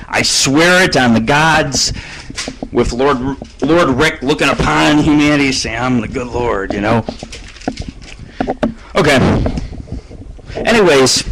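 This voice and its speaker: A man's voice: mid-range voice, low-quality recording. A middle-aged man hosting his own radio show solo from home, rambling through profane stories. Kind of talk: solo live radio monologue. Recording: faint background noise.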